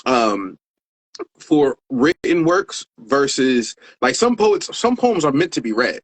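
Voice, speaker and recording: A man hosts a relaxed interview. He laughs easily, teases his guest, and builds his questions slowly. His voice sounds dry and close, with no room echo. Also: medium pitch, husky. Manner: playful, laughs often, drawn-out questions. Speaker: podcast host. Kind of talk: casual interview talk.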